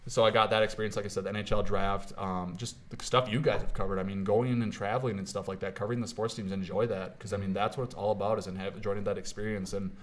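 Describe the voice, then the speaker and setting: A man's voice: fairly low pitch, fairly even intonation, fast, few pauses. A young man working as a sports videographer, talking in an upbeat, rambling way in a casual interview. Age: young adult. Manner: rambling, upbeat, full of "I mean" and "you know".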